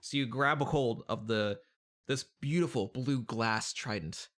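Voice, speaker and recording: A man's voice: medium pitch, a little slow, a bit bright. A man narrating and running a tabletop game as game master, in a casual, laughing way.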